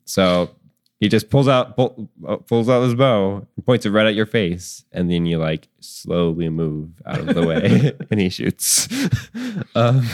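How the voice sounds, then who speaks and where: A man with a low, unhurried voice runs a tabletop game as dungeon master. He rambles along with plenty of ums and chuckles. The sound is dry and close. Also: a little mellow, dry recording. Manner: rambling, many ums, laughs at himself. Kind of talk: running a tabletop game, casual.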